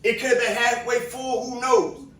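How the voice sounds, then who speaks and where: A man's voice: very high voice, flat delivery, normal speed, a bit bright. A man giving casual commentary to his viewers, talking emphatically and asking them pointed questions. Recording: echoey room, mic at a distance.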